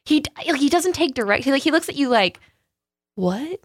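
A woman co-hosting a podcast in a studio, telling stories in a lively, animated way. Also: high-pitched, fast talker, no echo. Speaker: podcast co-host. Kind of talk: casual chat.

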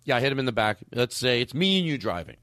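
A man's voice: medium pitch, very animated, fast, fairly bright tone, dry recording, studio quality. A man hosting a casual comedy podcast, rambling through a story and laughing a lot.

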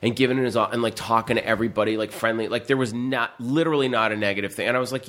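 A man's voice: medium pitch, rapid-fire, few pauses, slight background noise. Guy in his 40s, film director telling set stories, fillers everywhere, swears a lot. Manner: animated storytelling, heavy filler and swearing. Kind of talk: casual chat.

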